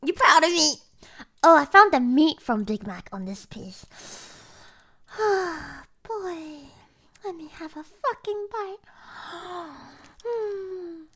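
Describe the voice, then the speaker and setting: A young woman streamer commenting on a food challenge to her viewers, dramatic and profane, swinging between low groans and shrieks. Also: lively intonation, slow pace, pauses often, fairly bright tone. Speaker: VTuber streamer.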